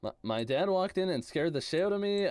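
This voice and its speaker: A man with a slightly high voice, streaming a game live and chatting with his viewers. He reads their messages aloud and answers them casually. His pitch jumps up when he greets people. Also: lively intonation, a little fast, a little mellow, clean tone, dry recording. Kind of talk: live-stream chat reading while gaming.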